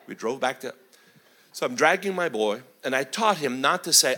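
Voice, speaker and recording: Middle aged pastor guy telling stories in a sermon, lively voice that jumps all over. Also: medium pitch, fairly quick. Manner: animated, chuckling, acts out voices. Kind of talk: sermon storytelling.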